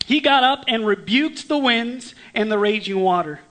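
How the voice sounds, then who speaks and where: A man preaching a storytelling sermon in a conversational way, with dramatic swings from lively to hushed. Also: very high voice, normal speed, hardly any pauses. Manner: conversational with restarts.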